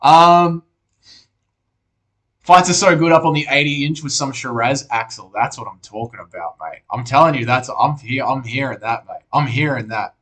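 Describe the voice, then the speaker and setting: A man's voice: mid-range voice, normal speed, a bit bright. A young Australian man hosting a casual live stream, reading viewers' messages aloud, swearing often and calling everyone mate. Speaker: streamer host reading chat.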